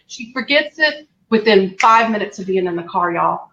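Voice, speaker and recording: A woman, candidly telling a lively story as an interview guest, acting out the lines she quotes. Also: a little high, fairly quick, hardly any pauses, highs cut off, a little hiss or hum. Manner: animated, acts out quotes, laughs often. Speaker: guest caring for her mother. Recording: echoey room.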